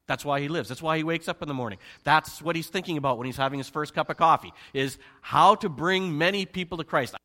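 A man preaching a sermon with animated emphasis, rhetorical questions and joking asides. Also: fairly high pitch, fast, few pauses. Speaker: pastor.

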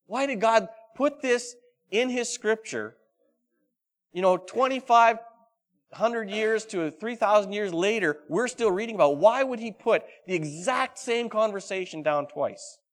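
A man preaching a sermon. He reads scripture aloud dramatically and keeps asking the congregation questions, swinging between loud and hushed delivery. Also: high voice, expressive, measured pace. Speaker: pastor.

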